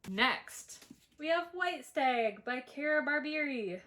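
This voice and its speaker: Sweary, bright-voiced young woman ranting. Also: high voice, slow. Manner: blunt, sweary, laughs often, animated outbursts. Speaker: book vlogger. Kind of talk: ranting book review.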